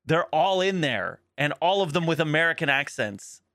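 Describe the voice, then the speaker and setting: Profane, bright-voiced podcast guy. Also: on the high side, lively intonation, normal speed, no echo, studio quality. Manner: loose, profane, laughing, trailing restarts. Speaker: podcast co-host. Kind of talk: casual chat.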